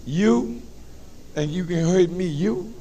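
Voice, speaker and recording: A man voicing an angry, fearless mother who shouts and confronts her husband. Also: sits high, slow pace, slight background noise, poor audio. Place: high school assembly.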